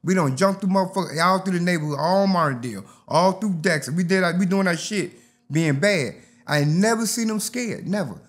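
Speaking as an interview guest, this man from Detroit, USA has a high-sitting voice and talks a bit fast. His storytelling is casual and lively, and he performs the lines of the other people involved.

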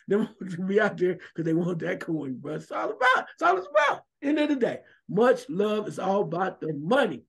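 A man with a notably high voice talks sports on the radio. He is emphatic and animated, and he breaks into shouts to drive his points home. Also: normal speed, creaky, slightly rough. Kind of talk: opinionated sports talk radio.

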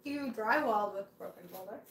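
A woman's voice: medium pitch, a little fast, fairly bright tone. A woman chiming in from off-mic with short prompts and reactions. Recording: distant and echoey.

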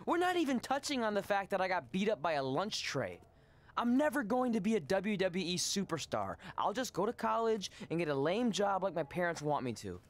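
A nerdy teenage wrestling fan, anxious and self-deprecating with a dry wit. His voice swings widely in pitch, performed as video game cutscene dialogue. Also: very animated, brisk. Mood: glum.

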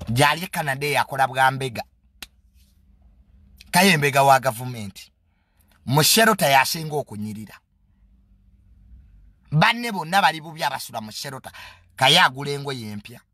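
A man's voice: on the high side, pushed and bright, no room sound. A man with a Ugandan accent giving a casual, comedic monologue in a mocking, boastful tone and mixing English phrases into his talk.

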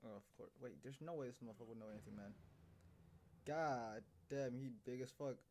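A man's voice: medium pitch, fairly quick, darkish tone, slight background noise. A young man casually reacting to an anime episode, swearing and laughing often. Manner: loose, profane, laughing asides.

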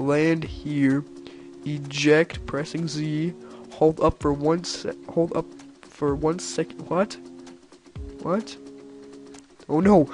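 A man narrating a game run with goofy, self-mocking chatter. His voice sits high and leaps even higher into squealing screams whenever things go wrong. Faint music plays underneath. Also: takes it slowly, pauses often. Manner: excitable, shrieking high-pitched yelps at failures; silly self-mocking banter. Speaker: gameplay commentator. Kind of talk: let's-play commentary.

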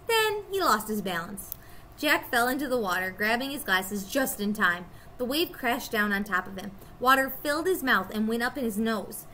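Bright-voiced teacher reading aloud. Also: female voice, a little high, slight background noise. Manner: expressive, storytelling. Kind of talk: reading a children's chapter book aloud.

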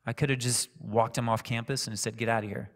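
A man preaching a sermon in a church, telling a personal story in a calm, conversational way. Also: mid-range voice, fairly quick, creaky. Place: church sanctuary. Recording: reverberant church hall.

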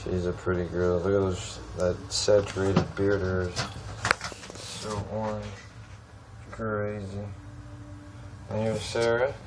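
A man talking casually about his lizards at home, softly cooing to them as he handles them on a handheld camera. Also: sits low, little pitch movement, takes it slowly, long pauses, noisy background. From United States. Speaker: reptile keeper. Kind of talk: casual vlog with pet updates. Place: at home among reptile enclosures.

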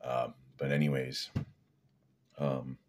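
A man's voice: rumbling low, flat delivery, takes it slowly, darkish tone, a little hiss or hum. A man from Canada rambling casually as a fitness vlogger, laid-back and swearing now and then.

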